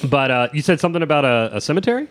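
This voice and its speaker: A man from Ohio, talking in a relaxed, halting way full of fillers as podcast host. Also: a little high. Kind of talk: casual chat.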